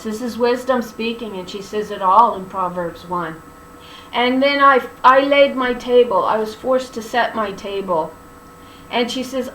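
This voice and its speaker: Bright-voiced woman preaching in an echoey room. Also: fairly high pitch, measured pace. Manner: emphatic, sarcastic asides, colloquial. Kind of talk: scripture teaching monologue. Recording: echoey room with faint hum.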